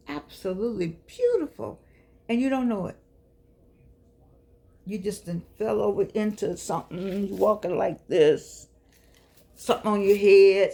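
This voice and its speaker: A woman's voice: medium pitch, a little slow, darkish tone. An older woman hosting her own show, talking to her audience in a fussing, encouraging, preachy way. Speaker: show host. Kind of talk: casual talk to camera.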